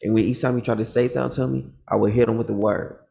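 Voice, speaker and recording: Man, vlogger, very gravelly voice, mid pitch, animated boastful storytelling. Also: very fast. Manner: animated, acts out the other people's lines in the story; boastful, confrontational. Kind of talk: casual storytelling to camera.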